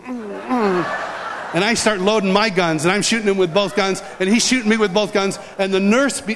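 A preacher with a high voice tells a heartfelt story during his sermon, acting out the voices of its characters with animated energy, then leads a prayer. The recording has a slight hiss or hum and faint ambience in a reverberant hall.

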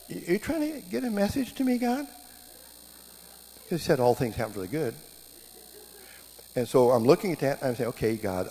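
A middle-aged man preaching a sermon, telling stories in a lively way and jumping up in pitch when he acts out scenes. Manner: animated storytelling, voice jumping up in reenactments. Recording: hall reverb with faint background hum.

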